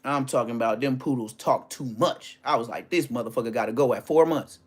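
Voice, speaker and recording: A man hosting a livestream, telling stories in a brash, profane way, dropping to hushed asides and then bursting out loudly. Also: medium pitch, a little fast. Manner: brash, profane, swings between hushed asides and loud outbursts; storytelling with boasts and street slang. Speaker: livestream host. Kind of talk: casual profane livestream rant.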